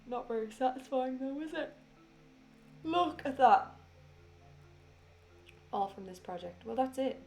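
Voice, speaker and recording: Soft music plays behind a woman's high-sitting, mellow voice as she chats briskly through a casual voiceover for her craft video. She mentions being tired, rambles, swears without restraint, and teases herself.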